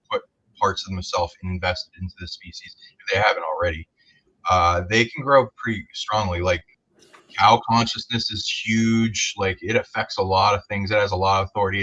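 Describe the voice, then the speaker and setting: A man's voice: sits low, pushed and bright, muffled recording. A man on a livestream panel who rambles with many fillers as he talks through ideas. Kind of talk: casual panel talk.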